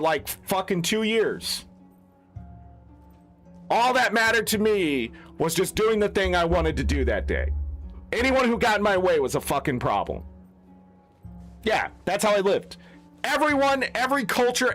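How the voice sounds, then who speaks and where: High, animated, profane ranting man. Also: moderate pace, pauses often, soft background music. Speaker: gaming streamer. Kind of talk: unscripted rant.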